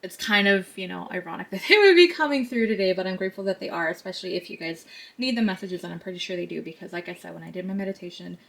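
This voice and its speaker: A woman's voice: fairly low pitch, fast talker, vocal fry, fairly bright tone. A woman giving a tarot card reading to her viewers, talking in a chatty, earnest way with many fillers and asides.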